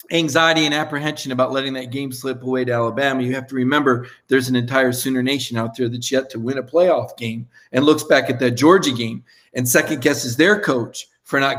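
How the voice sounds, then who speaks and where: A man's voice: medium pitch, a bit bright. A man hosting a live sports show, wrapping up with a chatty, rambling monologue full of fillers and restarts.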